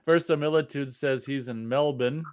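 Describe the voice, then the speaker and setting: A man's voice: medium pitch, moderate pace, a little mellow, no room sound, studio quality. A man co-hosting a casual chat show, reading out listener comments in an easygoing way.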